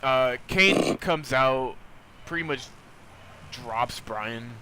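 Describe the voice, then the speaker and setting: A man's voice: mid-range voice, very slow, pushed and bright, slight background noise, rough recording. Rambling young man recapping wrestling news. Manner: rambling, loose and joking, swears often. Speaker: podcast host.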